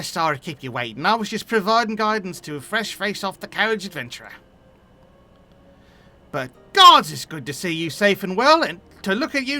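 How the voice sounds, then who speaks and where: A man putting on a gruff tavern landlady, put-on Boston-Cockney accent. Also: high-pitched, pushed and bright, full character voice.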